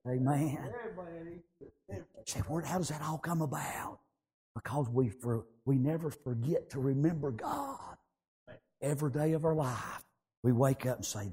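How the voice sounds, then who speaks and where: A man preaching a fervent sermon and telling a story, repeating amen and praise God, dropping to hushed lines and rising to shouts. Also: fairly high pitch, lively intonation, moderate pace, breathy edge.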